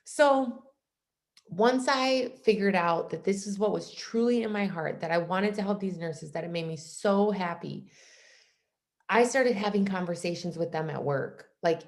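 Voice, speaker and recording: A woman's voice: medium pitch, unhurried. A young woman from Michigan, a guest speaker on a video call, telling her story in a casual, chatty way and saying "like" constantly. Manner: chatty, says "like" constantly, acts out quoted voices.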